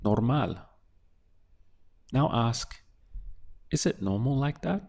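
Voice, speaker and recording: Male teacher, slow and gravelly, steady drill-and-answer delivery. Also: mid-range voice. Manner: prompts a phrase then answers it slowly, word by word. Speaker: language teacher. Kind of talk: slow drill-style language lesson.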